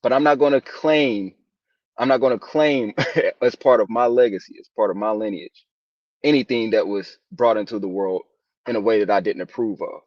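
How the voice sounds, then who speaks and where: A man with a lowish voice lays down his views firmly, in the tone of a father lecturing his daughters. His audio is muffled and dry, coming over a dull remote line. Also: moderate pace, no echo. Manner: firm, lecturing, emphatic. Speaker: guest, father. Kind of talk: opening statement in a discussion.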